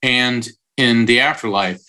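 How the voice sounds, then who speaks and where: A man who works as a psychic medium, speaking as an interview guest, gives long explanations packed with analogies. He tends toward digressions and restarts. His voice is medium-pitched and sharp, and he talks a little slowly.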